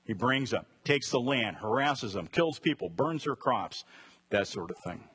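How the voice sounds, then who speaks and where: A man's voice: mid-range voice, lively intonation, unhurried, a bit bright, husky. A man teaching a conversational Bible study sermon and asking his listeners direct questions. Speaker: preacher.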